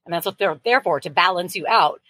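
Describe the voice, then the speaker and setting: A woman's voice: fairly low pitch, fairly quick, a bit bright, dry recording. Chatty woman podcast co-host, dry sound. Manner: chatty, talks over her co-host. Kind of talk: casual chat.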